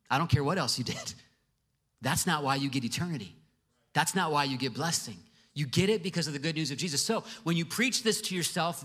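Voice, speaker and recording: A man's voice: fairly high pitch, pushed and bright. A male pastor giving a sermon to a congregation, conversational with joking asides. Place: church before a congregation.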